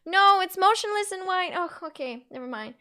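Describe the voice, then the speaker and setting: A young woman with a high voice hosts a casual live stream. She giggles often and reacts to chat messages one after another in a loose, chatty way. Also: lively intonation, a little fast, bright, forceful tone. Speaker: Twitch streamer.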